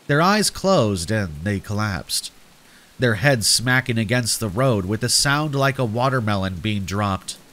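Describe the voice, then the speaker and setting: A man's voice: lowish voice, a bit bright. A man narrating a scary story in a scripted, dramatic storytelling manner.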